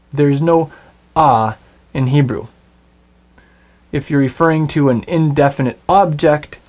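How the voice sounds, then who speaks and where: A middle-aged man teaching a recorded Hebrew lesson, patient and clear, slowing down to spell out Hebrew words. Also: medium pitch, darkish tone.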